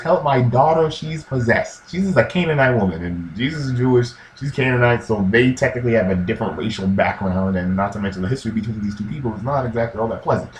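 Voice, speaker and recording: A man giving casual religious commentary in a slangy, animated way, acting out quotes in different voices. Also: medium pitch, slight background noise. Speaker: vlogger. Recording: echoey room with faint ambience.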